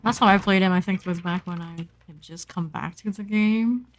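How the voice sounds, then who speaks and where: A woman streams a game and chats to herself in a playful, casual way, now and then breaking into excited squeals. Her voice sits at an ordinary middle pitch for a woman, with close desk-mic sound. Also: moderate pace. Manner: chatty, playful self-talk with sudden excited squeals. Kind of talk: casual gameplay commentary.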